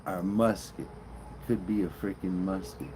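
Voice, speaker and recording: A man's voice: sits low, fairly even intonation, a little slow, dark tone, slight background noise. A man streaming live, rambling and joking in casual chat and swearing freely.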